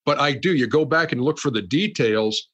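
A man's voice: medium pitch, normal speed, a bit bright, breathy edge, muffled recording. A man hosting an interview, asking curious questions and laughing often. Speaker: host.

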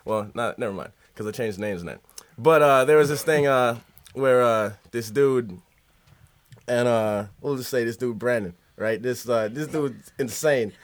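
A man co-hosting a casual podcast, telling a story in an animated way and laughing through it. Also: medium pitch, a little slow. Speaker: podcast co-host. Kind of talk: casual chat. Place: hot cellar studio.

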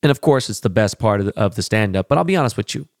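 A man's voice: lowish voice, lively intonation, very fast, no room sound, clean studio sound. A man hosting a podcast, talking in a casual, profane, rambling way with blunt opinions. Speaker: podcast host. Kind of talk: casual chat.

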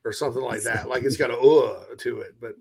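A man hosting a casual sports talk show, reading viewer comments in a relaxed, rambling way. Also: medium pitch, fast talker, slightly rough.

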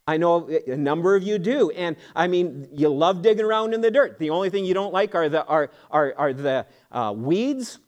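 A man's voice: a little high, lively intonation, moderate pace, hardly any pauses. A middle-aged man, a pastor, preaching in church in an earnest, emphatic way with homely jokes and asides. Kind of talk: sermon. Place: church sanctuary.

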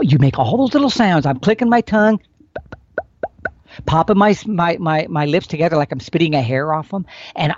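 A man's voice: high voice, dry recording. A middle-aged man, an expert guest, explaining hunting techniques in a folksy, demonstrative way. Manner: animated, folksy, demonstrating with expressive swings. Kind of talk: casual instructional explanation. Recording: dull, dry recording.

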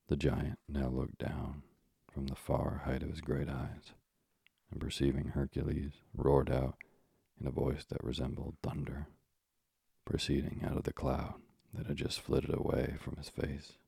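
A man reading a classic tale aloud as a calm, measured bedtime story narrator. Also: rumbling low, vocal fry, slightly rough, dry recording. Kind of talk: slow, soothing sleep-story reading.

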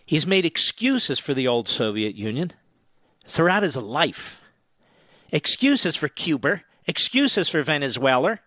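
A man's voice: on the high side, big pitch swings, unhurried, sharp tone, dry recording, studio quality. An older man from the US East Coast hosting talk radio, sarcastic and combative in a mocking monologue. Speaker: radio talk show host.

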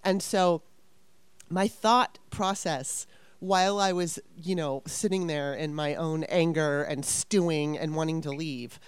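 A woman's voice: deep voice, a little slow, clean tone, no echo. A woman in her fifties telling a story casually, rambling and swearing with exasperation.

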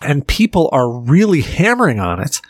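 A man's voice: fairly high pitch, moderate pace, dry recording. Chatty male podcast co-host, dry sound. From Virginia, United States. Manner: animated storyteller, laughs, swears often. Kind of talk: casual chat.

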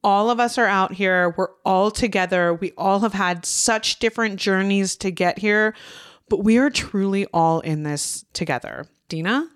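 Smooth-voiced woman podcast host, heartfelt. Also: medium pitch, normal speed. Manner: heartfelt and earnest, swears freely. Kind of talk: casual podcast chat.

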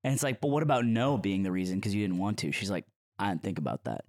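A man's voice: low-pitched, expressive, quick pace, a little mellow, dry recording, studio quality. A young man co-hosting a podcast, joking and rambling in casual chat. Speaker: podcast co-host.

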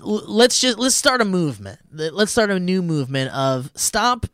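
Excitable high-voiced man, dry close mic. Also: normal speed, clear, resonant tone, no echo. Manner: excitable, swears freely, laughs often. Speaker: podcast host. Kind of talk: casual chat.

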